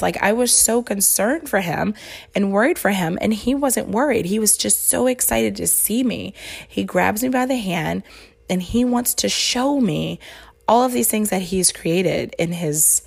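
A woman's voice: medium pitch, unhurried, vocal fry, slightly rough. A woman podcast host telling a personal story in a casual, heartfelt way, rambling with many fillers and restarts. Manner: earnest and heartfelt.

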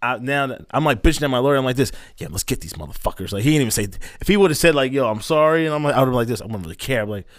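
A man's voice: medium pitch, very fast, hardly any pauses. Laid-back slangy young man telling stories. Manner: slangy, profane, laid-back delivery with many fillers. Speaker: podcast co-host. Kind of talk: casual storytelling chat.

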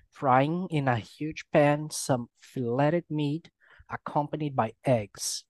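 A man with a put-on American accent, reading a story aloud as a podcast narrator in a steady, measured way. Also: medium pitch. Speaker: podcast co-host and reader. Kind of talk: audiobook narration.

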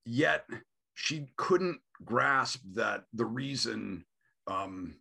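Gravelly and slightly rough, this man's medium-pitched voice belongs to a podcast host in his thirties. He keeps the casual conversation animated and readily imitates other people in quotes.

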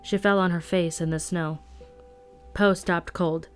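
A woman reading a novel aloud at a steady storytelling pace. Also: on the low side, a little slow, clear, resonant tone, soft background music. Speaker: audiobook reader. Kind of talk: scripted narration.

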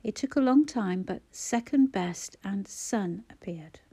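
Woman narrating a story in a mellow voice. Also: medium pitch, lively intonation, a little slow, husky. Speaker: audiobook narrator. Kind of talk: scripted narration.

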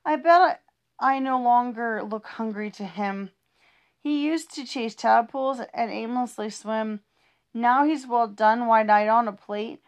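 A woman reads funny rhyming poems for kids with a bouncy, sing-song lilt. Her voice sits a little high, and she stumbles now and then as she reads. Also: a little slow, clean tone. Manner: playful, sing-song rhythm with small stumbles. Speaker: reader of children's poems. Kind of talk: reading humorous rhyming poems aloud.

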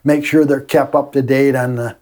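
A man's voice: medium pitch, flat delivery, normal speed, a little mellow. An older man, a retired teacher telling folksy classroom stories with frequent laughs in a casual interview.

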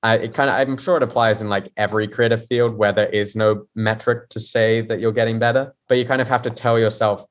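A man's voice: mid-range voice, fairly even intonation, fairly quick, hardly any pauses. A man from London, a guest comedian chatting candidly on a podcast, self-mocking and laughing often. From London, England. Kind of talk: casual podcast chat.

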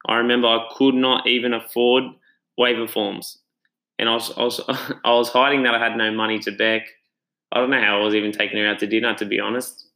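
An Australian man speaks in a relaxed, chatty storytelling manner, earnest and reflective. His voice sits at a middle pitch and has a bright, forward tone. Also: a little fast, poor audio. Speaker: gym owner and trainer. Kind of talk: casual personal storytelling.

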